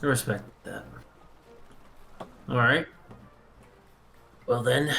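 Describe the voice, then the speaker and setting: A man's voice: mid-range voice, a little slow, bright, forceful tone, faint music behind. Laughing man playing a tabletop game. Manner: rambling, often laughing. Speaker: player. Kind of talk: tabletop role-play.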